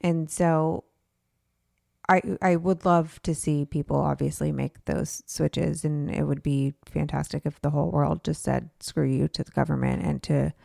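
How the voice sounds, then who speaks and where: A woman's voice: deep voice, fairly even intonation, a little slow, vocal fry, warm tone, no echo, studio quality. A woman co-hosting a podcast, chatting casually with lots of ums and likes. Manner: chatty, many fillers like um and like. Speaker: podcast co-host. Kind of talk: casual chat.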